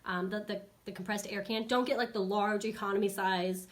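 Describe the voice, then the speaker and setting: A woman in her thirties talks as a dog trainer on a casual live stream. She is chatty and animated, and her voice sits at an ordinary middle pitch. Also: a little fast. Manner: chatty, animated, acts out dogs and kids in high squeaky voices.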